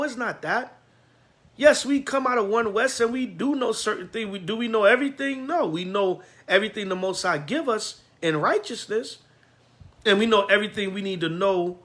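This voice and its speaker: High, bright-voiced emphatic man preaching. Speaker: priest. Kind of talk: sermon.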